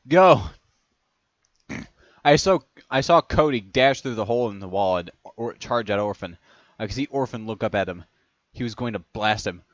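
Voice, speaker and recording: A man reading a first-person story aloud in a casual way, often stumbling on words, restarting them and clearing his throat. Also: lowish voice, fairly quick, no echo. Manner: reads in first person, stumbles and restarts on words, breaks into long fits of laughter. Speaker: reader of fan fiction. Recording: dry, slightly dull home recording.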